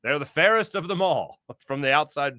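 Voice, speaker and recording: A man's voice: on the high side, normal speed, no room sound, studio quality. Upbeat man hosting a sports podcast. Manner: energetic, rambling, jokey. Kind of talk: live postgame chat reading viewer comments.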